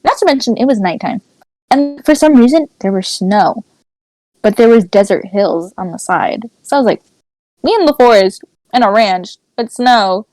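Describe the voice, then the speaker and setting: Young woman, podcast co-host, animated storytelling, lots of fillers, dry close sound. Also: medium pitch, moderate pace, no echo, low-quality recording. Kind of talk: casual chat.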